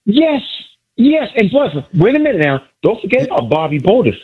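A male caller phoning a sports radio show, excitedly boasting about his team and repeating himself. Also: sits high, normal speed, breathy edge, highs cut off.

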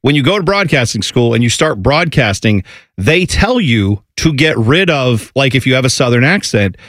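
A man's voice: mid-range voice, very animated, normal speed, fairly bright tone, no echo, clean studio sound. A man co-hosting a casual chat show, talking animatedly and often slipping into mimicked voices. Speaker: co-host.

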